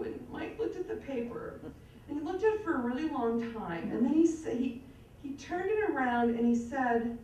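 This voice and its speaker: A woman's voice: high-pitched, animated, moderate pace, darkish tone, a little hiss or hum. A woman in her fifties giving a speech to an audience as an alumna, telling self-mocking stories with a wry edge. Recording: echoey hall, mic far off.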